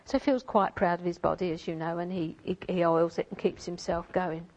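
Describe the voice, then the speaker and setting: A woman's voice: lowish voice, steady tone, fairly quick, darkish tone, highs cut off. A woman giving an informal church talk, chatty with frequent ums and asides, reading a storybook passage aloud. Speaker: church speaker.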